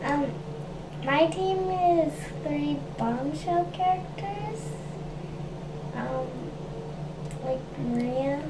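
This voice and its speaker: A young learner player, hesitant and giggly, talking haltingly during a casual tabletop game. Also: female voice, high-pitched, expressive, recorded from a distance. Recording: echoey, from off-mic, with clear noise.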